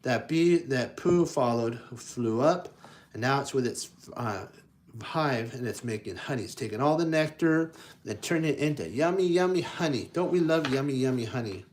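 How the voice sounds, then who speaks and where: A man reading children's picture books aloud and commenting on the pictures, halting often to correct himself and playing up the sound effects with enthusiasm. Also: mid-range voice, animated, a little mellow, a little hiss or hum. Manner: halting, with frequent restarts and self-corrections. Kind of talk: casual read-aloud with commentary.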